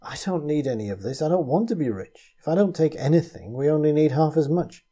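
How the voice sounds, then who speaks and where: A man's voice: on the high side, lively intonation, fairly quick, dark tone, breathy edge, pitched above the performer's own voice. A man voicing a desperate adult man cursed to turn things to gold, speaking in a strained, pleading way.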